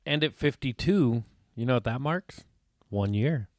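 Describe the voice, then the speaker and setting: A man's voice: mid-range voice, lively intonation, unhurried, no echo, studio quality. A man co-hosting a casual true crime podcast with laid-back, joking banter, recording in a small hotel room. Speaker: podcast co-host.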